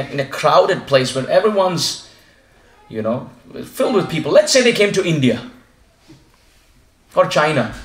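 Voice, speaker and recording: High, lively male preacher in an echoey room. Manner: lively storytelling, acts out passers-by. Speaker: visiting preacher. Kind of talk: devotional class with a story. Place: living room of a home gathering.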